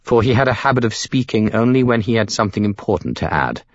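A man narrating a novel in a measured, scripted storytelling delivery. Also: on the low side, very animated, dry recording, highs cut off. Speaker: audiobook narrator.

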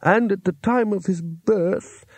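A man voicing a fussy, nervous male astrologer in an audiobook, speaking slowly and hesitantly with a raised, breathy voice. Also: high-pitched, no room sound, voice pushed up. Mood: pedantic. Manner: slow, hesitant and rambling. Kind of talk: audiobook character voice.

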